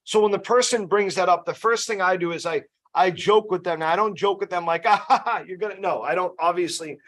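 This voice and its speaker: A man's voice: high voice, fairly quick, fairly bright tone. A man running a casual sales training session, chatty and loose, often checking in with "you know" and "right?". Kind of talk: casual team training talk.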